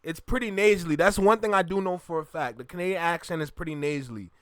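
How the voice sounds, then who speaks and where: High, bright Jamaican man reacting. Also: quick pace, smooth, no echo, studio quality. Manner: animated, repeats himself, talks to viewers directly. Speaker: reaction video host. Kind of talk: casual reaction commentary.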